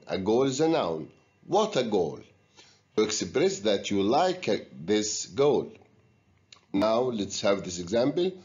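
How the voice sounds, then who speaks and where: Male teacher, video grammar lesson: slow, patient, expressive pitch; dull lo-fi sound. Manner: slow, deliberate, guiding students step by step. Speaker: English teacher.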